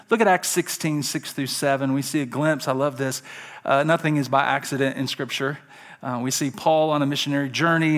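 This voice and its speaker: A pastor delivers a sermon in a fairly high voice. He sinks into soft, hushed stretches, then climbs into loud, soaring passages full of fervor. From Alabama. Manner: impassioned, swinging between hushed tender passages and loud soaring ones.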